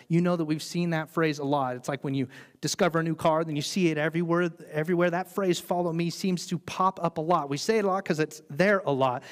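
Lively preaching pastor, slightly high voice. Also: male voice. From United States. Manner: animated storytelling, acts out quoted voices. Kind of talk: sermon.

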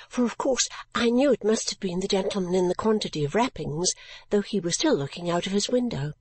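A woman narrating a classic novel as an audiobook, in a gentle, measured storytelling manner. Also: mid-range voice, lively intonation, husky, no room sound.

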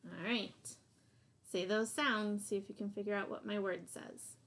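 A woman teacher leads a phonics lesson for young children. She speaks slowly and patiently at a middle pitch, sounds out each letter and gives encouraging praise. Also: steady tone, fairly bright tone.

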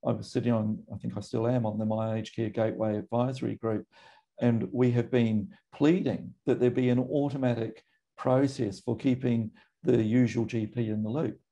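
A middle-aged Australian man, a GP, speaking in a measured, thoughtful way with frequent pauses and ums. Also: medium pitch, steady tone, warm tone. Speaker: GP and medical association guest. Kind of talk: recorded conversation.

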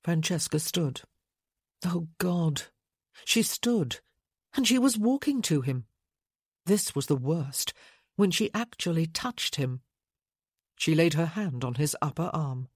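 A woman reading a romance audiobook aloud in a husky, fairly low voice. Her pitch rises and falls freely as she narrates. The sound is close and dry. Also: slow pace, long pauses, no room sound. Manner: expressive, varies pitch for characters. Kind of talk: scripted narration.

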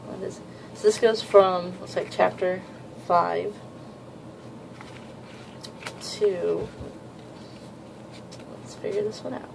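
A woman talks her way through a new manga volume at home, rambling and breaking into excited gushing. Her voice has a gravelly fry and a slightly sore throat. A faint hiss sits behind her. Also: on the low side, slow pace, pauses often. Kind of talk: casual unboxing chat.

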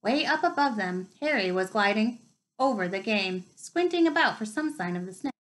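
Woman reading a novel aloud, expressive. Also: medium pitch, moderate pace, poor audio. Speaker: reader.

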